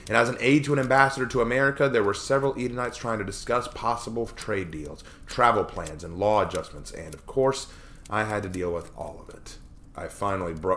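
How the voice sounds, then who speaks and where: Man, lowish voice, storyteller, first-person fiction read aloud, measured and expressive. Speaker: storyteller reading his own fiction.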